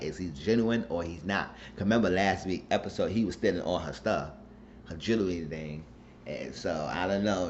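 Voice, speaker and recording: A man casually recapping a TV episode, rambling through the scenes in colloquial speech. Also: low voice. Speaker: TV show recap reviewer. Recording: dull lo-fi recording with faint noise.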